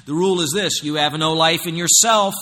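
A man preaching a sermon as pastor, emphatic, swinging between loud passages and hushed ones. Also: on the high side, brisk. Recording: long hall reverb.

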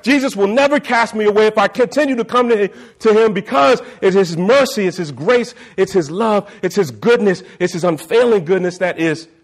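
A preacher whose voice sits very high for a man. He drives his sermon with fervent, rising passion and builds to shouts. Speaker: pastor.

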